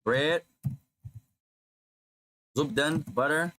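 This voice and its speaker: A man teaching an Arabic grammar lesson online, patiently repeating terms slowly and explaining in English. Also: on the high side, sharp tone, rough recording.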